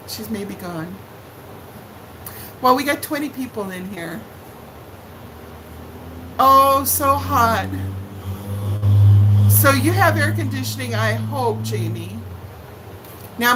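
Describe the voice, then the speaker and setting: A middle-aged woman talks slowly and chattily on a home livestream, calling out viewers' names in bright sing-song greetings. Her voice sits a little high for a woman. A faint hum of room ambience runs underneath. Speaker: livestream cooking host. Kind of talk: casual live-stream chat.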